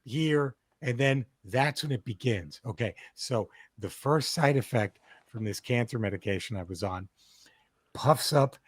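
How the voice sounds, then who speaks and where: A man co-hosting a podcast, telling a story in a casual, profane, animated way. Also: mid-range voice, moderate pace, few pauses, breathy edge, no echo, clean studio sound. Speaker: podcast co-host. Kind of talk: casual chat.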